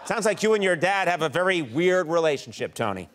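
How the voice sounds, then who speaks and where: A man hosting a late-night talk show, bantering with a staff member in a halting, exasperated, incredulous way. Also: fairly high pitch, very animated, fairly bright tone, some chatter behind, a little hiss or hum. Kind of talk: comedic banter with a studio guest. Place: TV studio stage. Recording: live studio audience behind.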